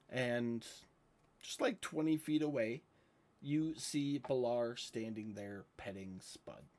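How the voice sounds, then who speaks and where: Game master, man, unhurried narration, casual and easygoing. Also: mid-range voice, darkish tone. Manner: laid-back, with fillers.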